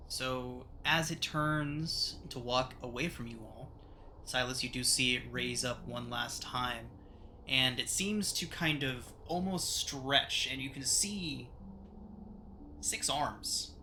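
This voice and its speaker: A man running a tabletop game as game master, describing scenes in measured, descriptive narration. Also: medium pitch, fairly even intonation, pushed and bright, a little hiss or hum.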